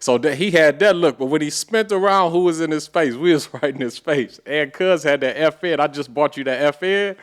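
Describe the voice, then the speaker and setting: A man, a podcast guest, telling a story in a casual, animated way with profane street slang. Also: on the high side, a little fast, few pauses.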